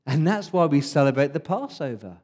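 A preacher speaking as an Israelite firstborn remembering Passover night, telling it vividly in the first person. His voice sits a little high for a man and drops to a hush when the story turns dark. This is a dramatic monologue inside a sermon. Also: expressive, fairly quick. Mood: exultant.

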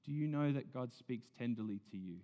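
A male pastor preaching a sermon earnestly, moving between loud emphasis and hushed, near-whispered lines. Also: mid-range voice, brisk. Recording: dull sound in a big reverberant hall.

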